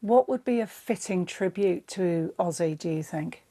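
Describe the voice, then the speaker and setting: A woman's voice: on the low side, normal speed, dark tone. A woman news presenter asking direct questions in a live interview.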